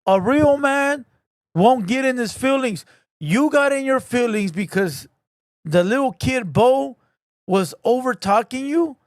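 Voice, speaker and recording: A man's voice: very high-pitched, expressive, unhurried, no echo, studio quality. A man streaming live, reacting to a podcast clip with a mocking, scolding rant.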